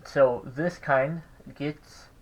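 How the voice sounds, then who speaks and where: A man giving a casual recorded language lesson, thinking aloud with pauses and restarts. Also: mid-range voice, rough recording. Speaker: language teacher.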